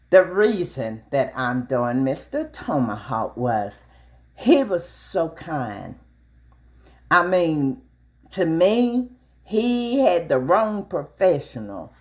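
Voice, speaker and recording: A middle-aged woman telling a story casually while cooking, acting out the dialogue with big jumps in her voice. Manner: animated, acts out dialogue with big pitch jumps. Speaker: vlogger.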